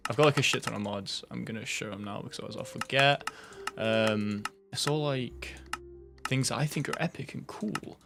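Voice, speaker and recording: Gravelly man rambling over gameplay. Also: medium pitch, music in the background. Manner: rambling, fast-running words with frequent swearing and fillers. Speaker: gameplay commentator. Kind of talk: casual rambling gameplay commentary.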